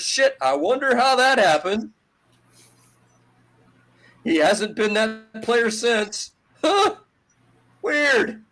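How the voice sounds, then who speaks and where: A man co-hosting a sports podcast, ranting in a profane, sarcastic way with loud jumps in pitch. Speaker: podcast co-host. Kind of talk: heated sports talk.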